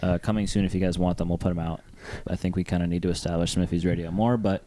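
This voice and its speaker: A young man from Phoenix, Arizona, co-hosts a podcast and tells a rambling, casual story full of filler words. His voice sits low and mellow, with fairly even intonation and a quick pace.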